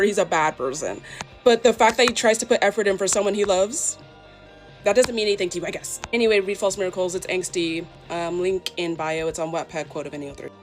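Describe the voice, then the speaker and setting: A young woman writer ranting in a casual phone vlog, exasperated and emphatic, repeating her points. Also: mid-range voice. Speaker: fan fiction writer. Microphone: phone selfie.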